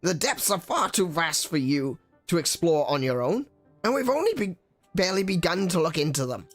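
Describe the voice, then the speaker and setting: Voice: mid-range voice, big pitch swings, moderate pace, faint music behind, pitched above the performer's own voice. A streamer voicing an eccentric older male inventor in a game, fussy and stammering, fretting over his young student. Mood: fussy, excitable.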